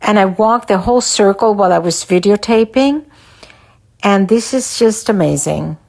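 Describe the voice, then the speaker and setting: A woman giving calm, unhurried vlog commentary. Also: mid-range voice, creaky. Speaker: vlogger.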